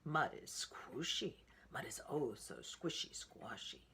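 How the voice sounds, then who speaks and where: A woman voicing a fussy father pig in a children's picture-book reading, with drawn-out, singsong exclamations. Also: very deep voice, very animated, pushed and bright, slight background noise, exaggerated voice. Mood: delighted.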